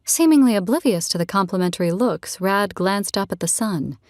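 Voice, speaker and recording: A woman narrating a romance novel in a measured, steady storytelling voice. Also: medium pitch, dry recording, studio quality. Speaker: audiobook narrator. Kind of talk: scripted narration.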